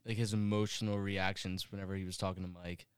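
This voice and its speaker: A man's voice: low voice, level tone, quick pace, smooth, dry recording, clean studio sound. A man co-hosting a casual podcast chat, talking hesitantly with lots of fillers.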